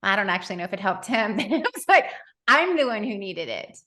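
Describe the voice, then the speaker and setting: Bright-voiced woman in her 30s hosting a podcast, chatty, laughs a lot while telling stories. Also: medium pitch, a little fast. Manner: animated storyteller, laughs often. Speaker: podcast host. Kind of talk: casual interview chat.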